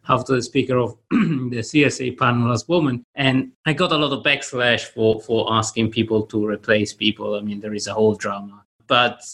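Gravelly man chatting on a call. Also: mid-range voice, fairly even intonation, a bit bright. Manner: halting, repeats words while thinking. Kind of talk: casual conversation on a call. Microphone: video call.

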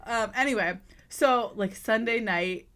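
A woman's voice: fairly high pitch, measured pace, heavy background noise. A woman co-hosting a podcast, chatting in a rambling way and laughing often, while she is ill and on medication. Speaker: podcast co-host. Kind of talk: casual chat.

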